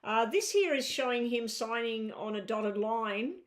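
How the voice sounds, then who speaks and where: A woman's voice: on the high side, expressive, unhurried. A woman giving a live tarot reading, chatty and reassuring, thinking aloud as she turns the cards. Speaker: tarot reader.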